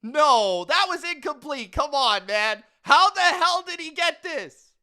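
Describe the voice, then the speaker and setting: Bright-voiced excitable man calling a game. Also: extremely high pitch, measured pace. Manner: excitable, profane, swings from muttering to yelling; repeats himself in disbelief. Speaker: live stream sports reaction host. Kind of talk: live play-by-play and reaction commentary.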